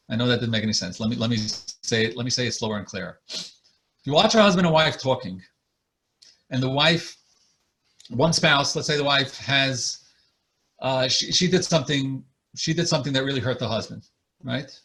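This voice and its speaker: A man of middle pitch lectures earnestly on marriage as a therapist, his voice coming through a video call. He talks in a plain, conversational way and stops often to act out short examples of couples talking. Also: normal speed, a bit bright. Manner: earnest, explains with acted examples. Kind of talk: online lecture.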